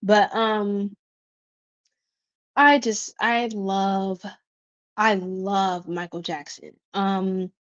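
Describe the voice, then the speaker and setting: A woman's voice: medium pitch, fairly even intonation, very slow, long pauses, fairly bright tone. A woman hosting a tarot livestream, chatting casually and bubbly with her viewers, reading their comments aloud, laughing often and using slangy asides. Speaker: tarot reader livestream host. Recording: dull lo-fi stream audio.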